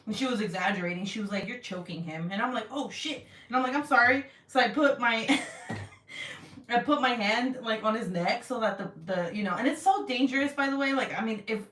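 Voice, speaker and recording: A young woman telling a story casually on a livestream and reading her chat, animated and laughing often, with casual swearing. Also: fairly high pitch, a little fast, recorded from a distance, slight background noise. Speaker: vlogger reading live chat. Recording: roomy sound, mic set back.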